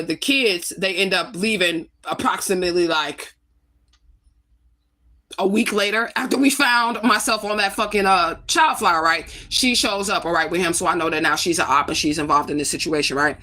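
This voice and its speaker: A woman's voice: mid-range voice, sharp tone. Woman vlogger from St. Louis, blunt and cursing, mid-range voice, hammers her points with rhetorical questions. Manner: profane, emphatic, repeated rhetorical questions. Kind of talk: casual talk to camera.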